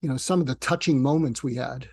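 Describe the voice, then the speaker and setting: A man's voice: mid-range voice, fast, a little mellow, slightly rough, dry recording. A man speaking as a psychiatrist guest on an interview, rambling and self-deprecating, telling stories with asides. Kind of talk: casual interview talk.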